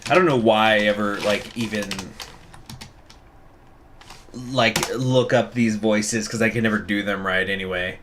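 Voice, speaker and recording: Male streamer, laid-back slow delivery, casual chatter, faint hiss. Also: on the low side, fairly even intonation, a bit bright. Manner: chatty, self-deprecating. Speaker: game streamer. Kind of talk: casual livestream commentary.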